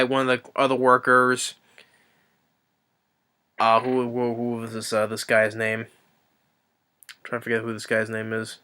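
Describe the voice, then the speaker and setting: A man acting as a reviewer recaps a movie's plot in a casual, rambling, enthusiastic way, sometimes acting out the characters' lines. His voice is medium in pitch, smooth, with a sharp tone.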